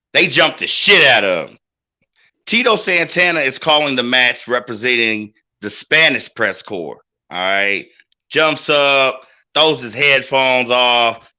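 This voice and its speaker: A man's voice: mid-range voice, bright, forceful tone. A man hosting a casual wrestling podcast, telling stories in a loose, profane way. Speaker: podcast host.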